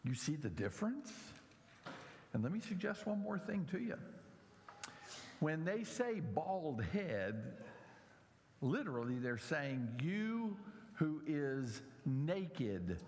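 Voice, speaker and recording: A man's voice: a little high, big pitch swings, takes it slowly, pauses often, a little mellow, long reverb tail, slight background noise. A middle-aged man preaching a sermon in a church, animatedly mocking the scoffers in his story.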